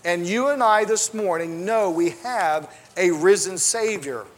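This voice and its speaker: A man's voice: sits high, unhurried, noisy background. A man preaching a sermon, earnest and conversational, with restarts and asides, quoting scripture in old-style wording.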